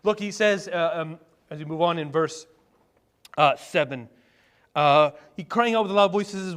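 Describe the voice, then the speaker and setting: A male pastor preaching a sermon in a conversational way, with rhetorical questions and sudden bursts of excitement. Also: fairly high pitch, normal speed, clean tone. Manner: conversational preaching with asides and fillers.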